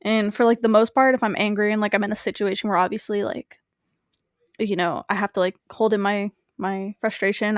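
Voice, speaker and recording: A woman co-hosts a podcast in a mid-range voice, recorded with clean studio sound and no room echo. Her casual chat is animated and rambling, full of fillers.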